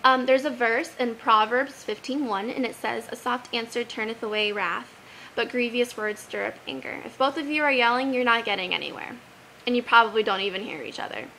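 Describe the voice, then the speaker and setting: Bright high-voiced earnest young woman. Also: a little fast, a little hiss or hum, rough recording. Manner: earnest, animated, quotes Bible verses. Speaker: vlogger giving advice. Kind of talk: casual advice vlog.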